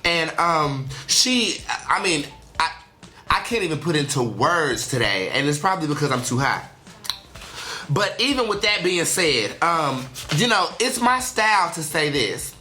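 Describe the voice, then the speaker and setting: On a radio show, a young adult host chats through a casual solo monologue in a mid-range voice and at a measured pace. The delivery is lively, with frequent "okay?" and "honey" tags.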